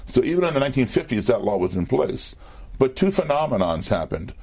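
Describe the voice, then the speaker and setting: A man, a musician interview guest, telling an anecdote in a relaxed conversational way, full of fillers and restarts, in a TV studio. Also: medium pitch, a little fast. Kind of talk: storytelling in conversation.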